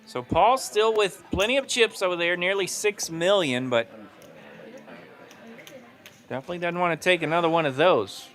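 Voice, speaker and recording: A man's voice: high voice, normal speed, long pauses, a bit bright, faint music behind. A man calling live poker play-by-play in an upbeat manner, laughing easily. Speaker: poker commentator.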